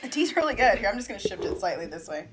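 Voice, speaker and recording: A woman's voice: medium pitch, big pitch swings, racing, noisy background. A young woman co-hosting a casual podcast, chatting easily with frequent ums. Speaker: podcast co-host. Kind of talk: casual chat.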